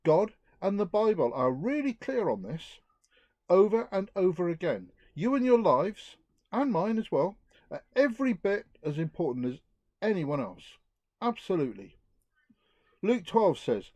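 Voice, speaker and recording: A middle-aged man giving an earnest outdoor talk to a youth group, reflective and lively. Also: high voice, measured pace, no echo. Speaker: youth speaker.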